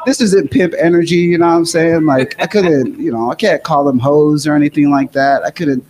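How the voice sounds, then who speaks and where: A man's voice: on the high side, normal speed, a little mellow. A young man doing a stand-up set in a comedy studio, laid-back, chuckling between jokes. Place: comedy studio stage with live audience.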